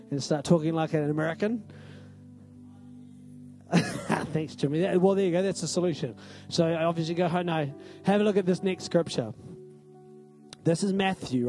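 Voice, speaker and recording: New man preaching, slightly high voice. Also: darkish tone. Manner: conversational and emphatic, asks the crowd "right?". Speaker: pastor. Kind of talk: sermon.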